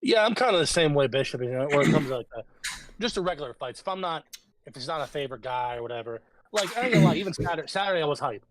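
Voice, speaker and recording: Excitable man telling fight stories. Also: fairly high pitch, very fast, a crowd in the background. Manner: excitable storyteller, gets loud when hyped. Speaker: podcast co-host. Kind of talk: casual chat.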